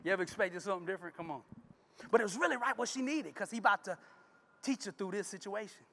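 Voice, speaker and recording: A man's voice: sits high, quick pace, vocal fry, sharp tone. A man giving a live motivational speech to a crowd, preacher-like, calling out to the audience. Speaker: motivational speaker. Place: large hall in front of a live audience. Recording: long hall reverb from a live stage.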